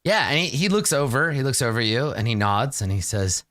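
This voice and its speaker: A man as game master, narrating a tabletop game in a halting way. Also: mid-range voice, big pitch swings, a bit bright, dry recording. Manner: halting, with many fillers and restarts.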